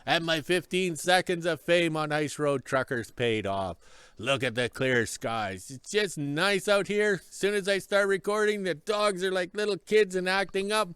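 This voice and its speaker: Guy rambling through a vlog story, smooth clear voice, keeps saying yes. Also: high voice, lively intonation, moderate pace, a bit bright, no echo. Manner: chatty, punctuates with emphatic "yes". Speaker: vlogger.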